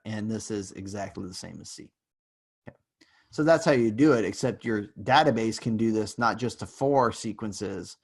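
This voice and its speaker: A man's voice: fairly low pitch, creaky. A male university lecturer giving an online class in a casual, joking way, rambling with fillers and asides.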